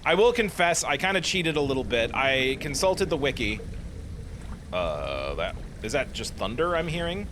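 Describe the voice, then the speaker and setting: A man's voice: mid-range voice, sing-song, normal speed, noisy background. A man hosting a casual let's play, commenting with wry, sarcastic asides.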